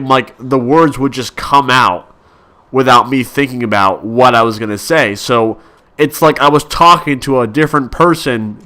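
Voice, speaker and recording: A man's voice: medium pitch, pushed and bright. A young man vlogging in a casual, rambling monologue, full of fillers and restarts, coughing now and then.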